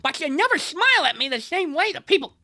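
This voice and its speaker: A woman's voice: extremely high pitch, sing-song, quick pace, sharp tone, voice pushed up, heavily acted. A woman reading a hurt, earnest teenage girlfriend in a live fan dub. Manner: emotional, pleading.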